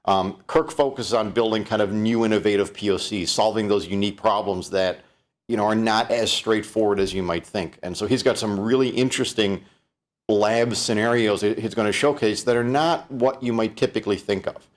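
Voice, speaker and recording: Low-voiced man giving a casual keynote. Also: brisk. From Canada. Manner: conversational, fillers, many restarts. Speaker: keynote presenter. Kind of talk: live-streamed keynote talk.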